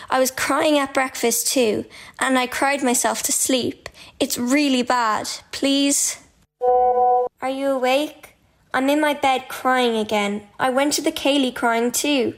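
A woman reading out text messages as an upset young girl who is tearfully pleading to be brought home. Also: sits high.

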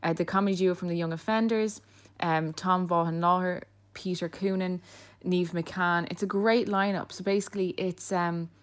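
A woman guest on a radio show, telling pop-culture gossip in an animated, casual way with many fillers. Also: fairly low pitch, moderate pace, smooth. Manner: animated storyteller, lots of fillers.

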